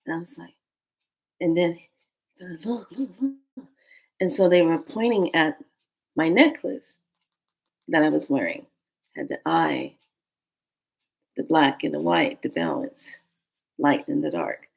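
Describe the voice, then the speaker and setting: Woman, low-ish voice, animated storyteller who voices the other people in the story and slips into whispers. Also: unhurried, gravelly, long pauses. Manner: drops to a hushed whisper for tense moments. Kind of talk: personal storytelling.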